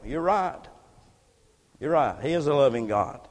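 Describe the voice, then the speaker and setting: A man preaching a sermon in a church, fervent, repeating words and rising to shouts. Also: mid-range voice, lively intonation, a little slow, big-room sound. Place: church sanctuary.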